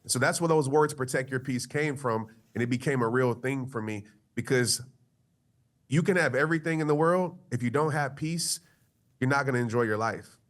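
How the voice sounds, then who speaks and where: A man's voice: mid-range voice, normal speed. Earnest male speaker telling a story. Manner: earnest, conversational, frequent "you know" fillers. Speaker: motivational speaker and author. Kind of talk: personal storytelling in an interview.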